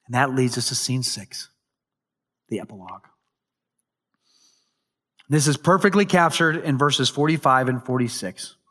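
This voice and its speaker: A male pastor with a medium-pitched voice preaches a sermon, retelling a scripture story with dramatic emphasis and occasional loud peaks.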